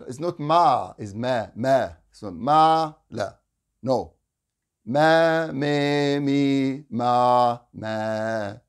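A man teaching Quran recitation in a live online lesson, drilling letter sounds in short repeated syllables and correcting them, with Quranic phrases recited in chant. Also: mid-range voice.

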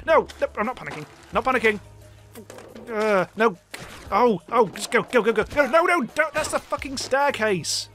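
Male let's-player, high bright voice, panicky and self-mocking. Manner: frantic swearing, self-mocking. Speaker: gamer. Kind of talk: let's play commentary. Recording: faint music behind. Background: game music.

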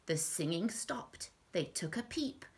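A woman reading a rhyming picture book aloud to children in an expressive, sing-song rhythm. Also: lowish voice, unhurried, slightly rough. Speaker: storyteller.

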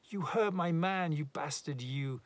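A man reading a poem aloud voices a frantic, furious woman, raising his pitch and shouting her curses. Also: unhurried, dry recording, natural voice. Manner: screaming, sobbing, high-pitched.

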